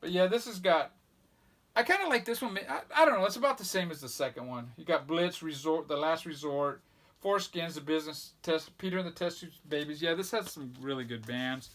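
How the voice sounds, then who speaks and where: A man's voice: on the high side, lively intonation, fairly quick, a bit bright. A man casually showing records from his collection, rambling and enthusiastic as he lists off bands. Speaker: record collector vlog host. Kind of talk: casual record show-and-tell.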